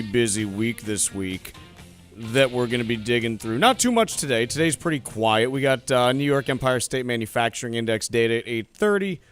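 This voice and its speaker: A man's voice: mid-range voice, a bit bright. A man co-hosting a financial news radio show, chatting casually with some dry humor. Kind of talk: casual market news chat.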